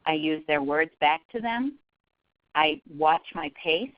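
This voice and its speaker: Brief: woman trainer, webinar talk, animated pitch, dry slightly dull audio. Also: slow, no echo. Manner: lively, folksy, with acted quotes. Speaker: fundraising trainer. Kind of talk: webinar presentation.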